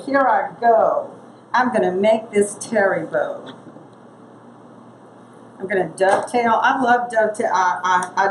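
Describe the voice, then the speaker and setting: A woman, chatting through a craft tutorial as she works. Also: medium pitch. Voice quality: gravelly. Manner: chatty, thinks aloud while working. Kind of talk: casual craft demonstration. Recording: echoey room with noise.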